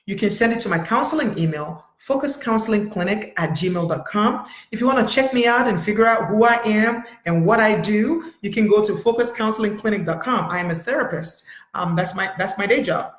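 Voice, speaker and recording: A woman's voice: medium pitch, lively intonation, fairly quick, few pauses. Emphatic woman therapist in an echoey room. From United States. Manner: emphatic, repetitive, directly addressing viewers. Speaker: therapist and weekly live-stream host. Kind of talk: live-streamed motivational talk.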